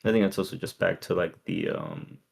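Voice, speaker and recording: A man co-hosting a podcast, talking through song lyrics in a halting, filler-heavy way. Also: low voice, steady tone, gravelly, husky. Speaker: podcast co-host. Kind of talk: casual chat, reading lyrics and chat comments.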